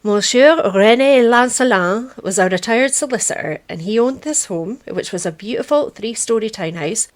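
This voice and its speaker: A woman's voice: on the high side, normal speed, hardly any pauses. A woman from Britain co-hosting a casual true crime podcast, reading the case and breaking off to joke and laugh with her co-host. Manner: chatty, jokey, laughs often.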